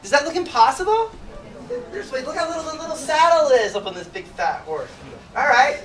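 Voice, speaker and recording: A man in his forties, a chiropractor giving an emotional, animated motivational talk to a seminar audience, asking them direct questions. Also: extremely high pitch, brisk. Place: seminar room. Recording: roomy sound from a distant mic.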